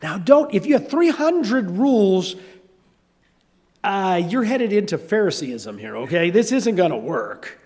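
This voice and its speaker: Older man, sermon, high lively voice, storytelling, long hall reverb. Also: measured pace. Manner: animated storytelling, conversational asides. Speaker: pastor.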